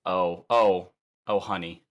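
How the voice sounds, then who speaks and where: A man's voice: deep voice, fairly even intonation, takes it slowly, dull audio, background noise. A man playing a tabletop game, speaking in character with teasing, sarcastic quips. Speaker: player. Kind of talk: in-character tabletop role-play.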